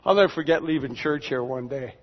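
A man's voice: medium pitch, brisk. A man preaching as a pastor, telling everyday stories in a folksy, conversational way with asides to the congregation. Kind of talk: storytelling sermon. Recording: dull lo-fi sound with long hall reverb.

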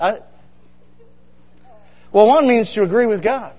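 A high-pitched middle-aged pastor preaches at a measured pace, offering a humorous sermon full of stories. His style is chatty, and he asks the congregation plenty of questions. The recording has dull sound and long hall reverb.

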